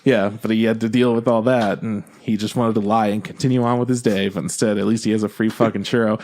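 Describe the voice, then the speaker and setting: A man's voice: lowish voice, fairly even intonation, fast talker, a little mellow. A man co-hosting a podcast, chatting casually and rambling, with frequent swearing. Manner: loose, rambling, swears freely. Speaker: podcast co-host. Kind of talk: casual chat.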